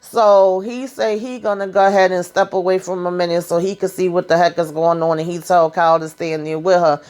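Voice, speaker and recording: A woman's voice: on the low side, fairly even intonation, fairly quick, darkish tone. A woman casually recapping a TV episode in a chatty, sassy way, full of asides and quoted lines. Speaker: TV show recap vlogger.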